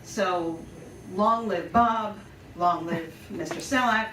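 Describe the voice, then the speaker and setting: A woman's voice: medium pitch, slow. An older woman telling a personal story on stage in a chatty, self-deprecating way, often laughing. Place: small storytelling venue stage. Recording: roomy live stage sound, distant and noisy.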